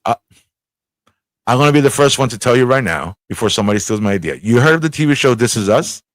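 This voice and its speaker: A man's voice: mid-range voice, animated, quick pace, no echo. A man hosting a casual live talk show, rambling, swearing freely and repeating himself as he tells a story. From United States. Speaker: show host.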